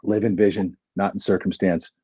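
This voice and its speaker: A man in his forties, a podcast guest, telling an animated story with plenty of energy and acting out the dialogue. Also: low-pitched, moderate pace, breathy edge, no echo.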